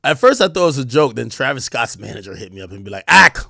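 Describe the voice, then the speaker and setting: Streamer, male, gravelly mid-pitched voice, dry close sound, animated storyteller. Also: very fast, no echo. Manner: animated storytelling, swears and laughs often. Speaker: livestreamer. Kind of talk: casual chat to stream viewers.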